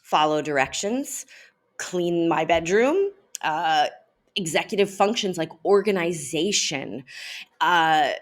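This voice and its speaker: Low-voiced woman explaining parenting. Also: lively intonation, takes it slowly. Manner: conversational, frequent "um" and "right?". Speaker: parenting educator.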